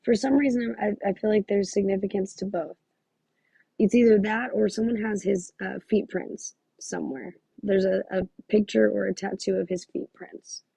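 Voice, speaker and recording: A woman's voice: medium pitch, fairly even intonation, moderate pace, gravelly, mellow, slightly rough, no room sound, poor audio. A woman working as a psychic medium, talking through a live reading in a gushing, exclamatory way and thinking aloud with many fillers.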